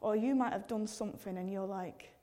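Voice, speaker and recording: A woman's voice: medium pitch, brisk, mellow. A woman in her thirties preaching a sermon in an earnest, conversational way, often addressing God directly and using casual fillers. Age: 30s.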